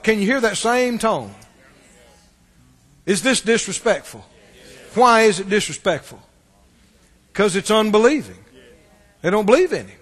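A man preaches a sermon with a high, bright voice that rises and falls widely. He speaks emphatically and keeps throwing questions out to his congregation. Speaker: pastor.

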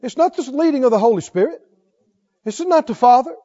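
A man preaching a sermon, emphatic, swinging from loud exhortation to hushed intensity. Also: very high voice, lively intonation, fast. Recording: dull lo-fi sermon recording.

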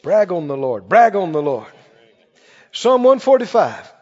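High-pitched male preacher, fervent, big verses and hushed asides, dull reverberant hall recording. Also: big pitch swings, unhurried. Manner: fervent preaching, swings between booming scripture and quiet asides. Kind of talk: sermon. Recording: muffled sound in a long reverberant hall.

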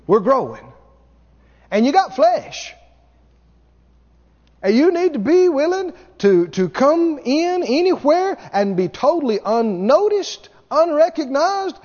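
Animated preacher in a big echoing hall. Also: male voice, extremely high pitch. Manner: emphatic, repeats key words, asks rhetorical questions. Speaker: pastor. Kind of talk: sermon. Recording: dull recording with long hall reverb.

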